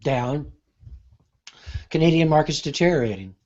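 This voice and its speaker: A man giving an unscripted software demonstration, thinking aloud with frequent pauses and fillers. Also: on the high side, lively intonation, muffled recording. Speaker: market analyst demonstrating software. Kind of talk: unscripted screen-share demo.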